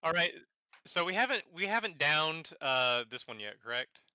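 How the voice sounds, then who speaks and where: A man's voice: a little high, sing-song, normal speed, sharp tone, clean tone, no room sound. A young man playing a tabletop game, hesitant and asking about the rules. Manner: hesitant, asks rules questions. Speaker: player.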